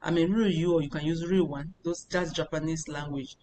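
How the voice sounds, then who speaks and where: A woman from Nigeria, teaching a language lesson as a tutor and repeating phrases slowly before explaining them step by step. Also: low-pitched, fairly even intonation, darkish tone, slight background noise, rough recording.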